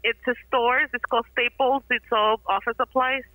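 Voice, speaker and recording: A woman's voice: a little high, steady tone, normal speed, pushed and bright. A woman working as a store clerk, answering a caller's questions helpfully with lots of fillers, heard over a phone line.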